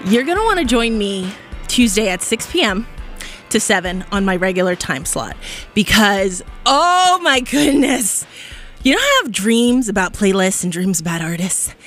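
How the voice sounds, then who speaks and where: A woman's voice: medium pitch, big pitch swings, normal speed, fairly bright tone, soft background music. A woman hosting a college radio show, giddy and exuberant, laughing often and whooping in a studio. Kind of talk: bubbly radio chat.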